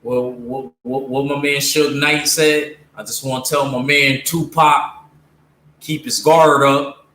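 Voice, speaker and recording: A man's voice: mid-range voice, flat delivery, unhurried, few pauses, bright, forceful tone, echoey room, slight background noise. A man giving blunt, opinionated boxing commentary to his viewers, casual and slangy, with lots of fillers. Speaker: streamer talking boxing with viewers.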